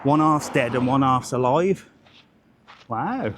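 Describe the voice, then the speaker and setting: A man's voice: medium pitch, lively intonation, takes it slowly, slight background noise. A man, chatting rambling and jokey on a live walking vlog outdoors, swearing casually, into a handheld phone. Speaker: travel vlogger.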